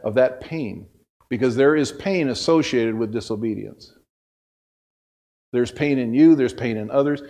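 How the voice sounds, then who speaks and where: Preaching in a church sanctuary, a middle-aged male pastor keeps things relaxed and homespun, leaning on stories, making fun of himself and often starting his sentences over. He speaks with a warm, mid-range voice.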